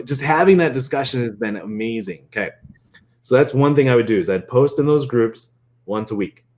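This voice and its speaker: A man coaching on marketing in a casual, animated way, laughing often and acting out quoted chats. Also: medium pitch. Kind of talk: casual explainer.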